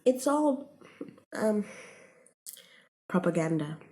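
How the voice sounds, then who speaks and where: A woman's voice: mid-range voice, sing-song, slow pace, dark tone. A woman in her late twenties, a podcast guest chatting casually and animatedly, laughing often and using many fillers. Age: late 20s. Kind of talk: casual interview chat.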